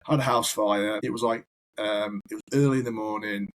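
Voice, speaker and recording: A man's voice: fairly low pitch, steady tone, fairly quick, poor audio. A man, a firefighter guest on a podcast, telling long rambling anecdotes in casual chat. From United Kingdom. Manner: rambling anecdotal storyteller, repeats words.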